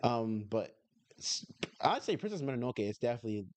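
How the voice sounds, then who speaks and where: A man's voice: mid-range voice, big pitch swings, a little fast. A man live-streaming, casually reacting to an anime review video in a laid-back, slangy way.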